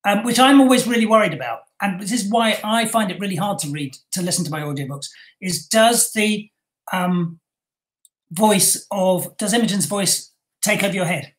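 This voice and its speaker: A man's voice: high voice, normal speed, a bit bright. Chatty man in a roomy space. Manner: chatty, self-interrupting. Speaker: podcast host. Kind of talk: casual chat. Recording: roomy echo.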